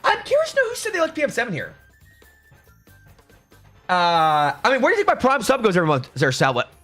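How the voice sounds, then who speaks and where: A young man hosts a live stream, reading comments and joking sarcastically with his chat. His voice sits high and swings widely, tripping over restarts as he talks. Soft music plays faintly under him. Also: wildly swooping pitch, fast.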